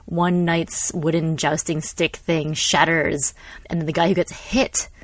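A young woman co-hosting a casual podcast chat, an animated storyteller who acts out quotes and laughs often. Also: sits low, measured pace, no room sound. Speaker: podcast co-host.

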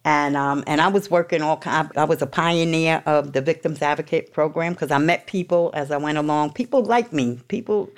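A woman's voice: sits low, fairly even intonation, fairly quick, hardly any pauses, smooth. A woman from New York telling her recovery story to an audience in a blunt, profane, emotional way. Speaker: recovery speaker. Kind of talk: candid personal recovery story.

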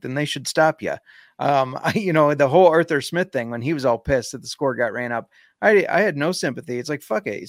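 Male co-host, mid-pitched, steady and opinionated, casual cursing, dry close mic. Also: no echo. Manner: measured, opinionated, casual swearing. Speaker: podcast co-host. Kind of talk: casual podcast chat.

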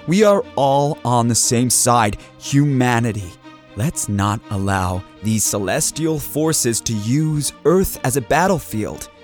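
A man's voice: medium pitch, lively intonation, faint music behind. A man playing a grandiose farewell messenger. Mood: solemn. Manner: slow, grandiose, with mock-Latin pronouncements. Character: eccentric man recording a solemn farewell message to humanity. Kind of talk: audio drama monologue.

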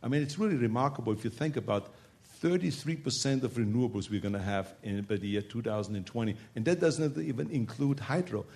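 A man's voice: mid-range voice, fast talker, darkish tone. A man speaking as governor in a panel discussion, emphatic and repetitive, with frequent fillers.

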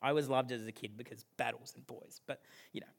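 A man, preaching a sermon as pastor, swinging from loud emphasis down to a near-whisper. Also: mid-range voice, steady tone, quick pace, creaky.

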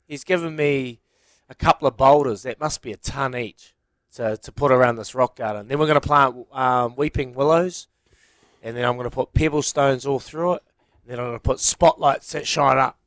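A man's voice: medium pitch, moderate pace, fairly bright tone, no echo. A man co-hosting a radio show, telling a rambling, self-proud story in casual banter. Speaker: radio co-host.

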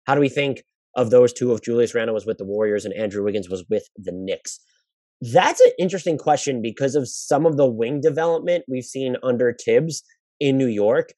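A man's voice: mid-range voice, expressive, brisk, dark tone, dry recording. A man hosting a basketball podcast, answering listener questions in a casual, thinking-aloud way with frequent restarts. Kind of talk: casual solo podcast analysis.

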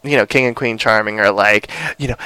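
Smooth-voiced man recapping casually. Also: fairly low pitch, fairly quick, bright, forceful tone, dry recording. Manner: rambling, lots of fillers, acts out quotes. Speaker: podcast co-host recapping a TV episode.

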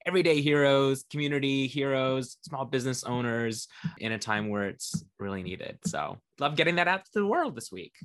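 Animated, lively-voiced man co-host. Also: mid-range voice, moderate pace, no echo. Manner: animated, enthusiastic. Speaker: podcast co-host. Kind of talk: casual chat and news roundup.

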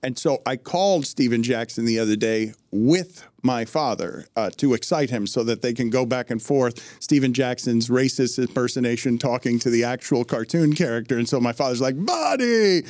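A man's voice: mid-range voice, normal speed, few pauses, darkish tone, no echo. A man hosting a podcast, telling rambling stories in casual studio chat with many fillers. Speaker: podcast host.

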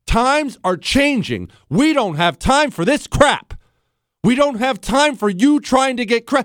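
A male talk show host with a high, smooth voice rants bluntly and combatively, throwing in sarcastic jabs. The sound is dry and close, with no room around it. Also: very animated, unhurried, fairly bright tone, dry recording. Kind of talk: opinionated radio monologue.

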